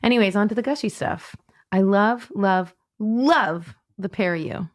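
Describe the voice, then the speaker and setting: A woman's voice: medium pitch, a little slow. A woman guest on a podcast, playfully reading out a listener's letter in a casual, amused way.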